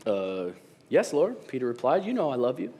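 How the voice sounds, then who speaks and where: Here is a humble adult male disciple who speaks hesitantly and earnestly, as a preacher reads him aloud. His voice sits lower than the preacher's usual tone and comes out soft and quiet. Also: huge pitch swings, moderate pace.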